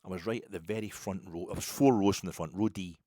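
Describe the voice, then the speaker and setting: A man's voice: low voice, quick pace, dark tone, no room sound, studio quality. An older Scottish man hosting a podcast, telling a self-deprecating story in a rambling, casual way with many restarts. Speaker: podcast host.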